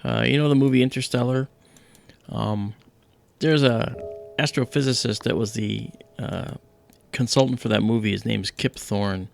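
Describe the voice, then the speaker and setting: A man's voice: medium pitch, fairly even intonation, moderate pace, creaky. A man hosting an astronomy livestream, explaining casually with many fillers and restarts.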